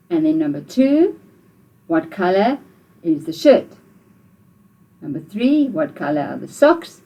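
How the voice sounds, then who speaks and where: A woman's voice: fairly low pitch, mellow, slightly rough, rough recording. A woman with a South African accent teaching a video language lesson to children, patiently repeating phrases for learners to say back.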